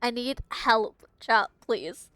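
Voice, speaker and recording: A woman's voice: on the high side, takes it slowly, sharp tone, clear, resonant tone, dry recording. A young woman streaming a game, chatting casually with her viewers, giggling and tripping over her words. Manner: giggly, chatty, often talks to chat, trips over words.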